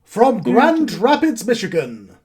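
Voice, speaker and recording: A man doing a booming ring announcer. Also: wildly swooping pitch, darkish tone, slightly rough, heavily acted. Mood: announcing. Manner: drawn-out announcer delivery. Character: booming adult male wrestling ring announcer. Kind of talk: tabletop role-play.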